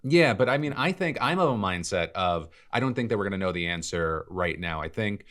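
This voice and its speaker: A man co-hosting a podcast, talking through news in a measured way with many fillers. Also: deep voice, animated, fairly bright tone. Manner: measured, thinking aloud with fillers. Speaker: podcast co-host. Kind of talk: casual news commentary.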